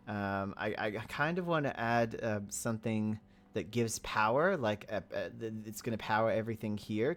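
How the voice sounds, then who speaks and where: A man giving casual gameplay commentary as a roleplay server player, rambling and often stammering and repeating words. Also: on the low side.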